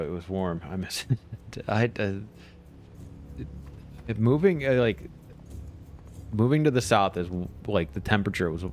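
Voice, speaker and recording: A man chatting casually while streaming a game, rambling along and chuckling often. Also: lowish voice. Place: home.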